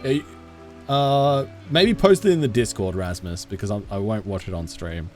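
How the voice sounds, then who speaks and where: A man with a softened Australian accent, chatting casually with his live-stream audience as he plays, laughing often and answering chat. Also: on the low side, moderate pace, soft background music. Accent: Australian, toned down. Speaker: game streamer.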